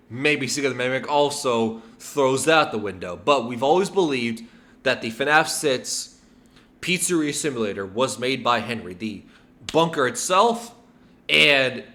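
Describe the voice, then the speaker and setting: Bright-voiced man theorizing animatedly. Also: mid-range voice. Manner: animated, full of rhetorical questions, frequent filler ums. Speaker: video game lore channel host. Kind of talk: casual lore theorizing to camera.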